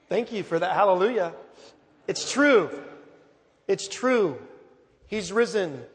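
A man preaching from the pulpit with a high, carrying voice. He is emphatic, rising to loud calls and then dropping to a hush. The long reverb of a large church hangs behind him. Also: lively intonation, moderate pace. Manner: emphatic, swings from loud to hushed. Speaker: pastor. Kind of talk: sermon.

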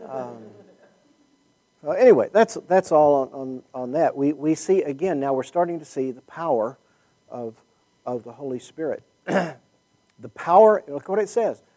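A man teaching a Bible class in a conversational way, thinking out loud and putting questions to his listeners. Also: a little high, animated, a little slow, rough recording.

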